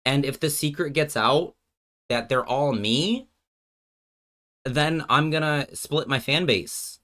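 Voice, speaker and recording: A man's voice: a little high, slow pace, a bit bright. A man hosting a casual live stream, working out card game plays while joking with his chat and thinking aloud, often breaking off mid-sentence. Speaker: streamer and host.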